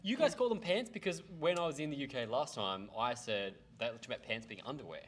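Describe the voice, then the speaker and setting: A man co-hosting a casual interview, trading quick, teasing banter. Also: medium pitch, lively intonation. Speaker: co-host. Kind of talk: casual chat.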